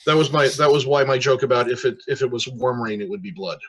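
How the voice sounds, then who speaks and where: A man's voice: mid-range voice, quick pace, a bit bright, husky. A man playing a tabletop game, joking and laughing often. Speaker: player. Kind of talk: casual tabletop play.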